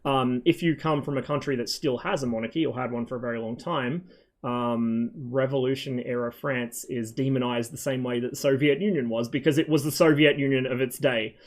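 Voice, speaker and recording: A man's voice: mid-range voice, fairly even intonation, brisk. A man streaming a flight game, chatting in a loose, rambling way with frequent swearing and plenty of ums. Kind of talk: casual rambling stream chat.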